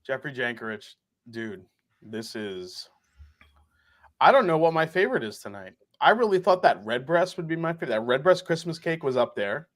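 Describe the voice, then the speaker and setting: A man's voice: mid-range voice, sing-song, moderate pace. A man who is a guest on a live whiskey tasting, chatting in a rambling, joking way and swearing casually. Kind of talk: casual chat, live stream.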